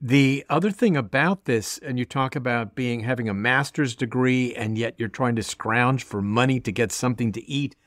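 A man's voice: medium pitch, normal speed, few pauses, no echo, clean studio sound. A man hosting a podcast, summarizing his guest's story back to her before asking a question. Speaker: podcast host. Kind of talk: interview question.

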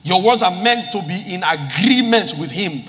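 Animated preacher in a hall. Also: male voice, high-pitched, moderate pace. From Nigeria. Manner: preaching with quoted scripture and emphatic repetition. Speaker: pastor. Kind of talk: sermon. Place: church hall with live congregation. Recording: reverberant church hall with music.

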